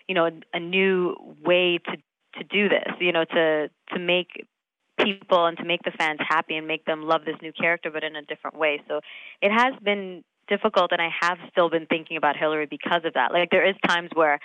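Bright, chatty young woman with a dry close sound. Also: on the low side, clear, resonant tone, dry recording, muffled recording. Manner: chatty, laughs often, many fillers and restarts. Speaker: actress guest. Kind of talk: casual interview chat.

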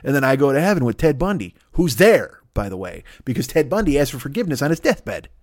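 A man delivering a rambling, profane comedic monologue, slipping into quick voices for the people in his story. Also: mid-range voice, big pitch swings, no echo, studio quality. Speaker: podcast host.

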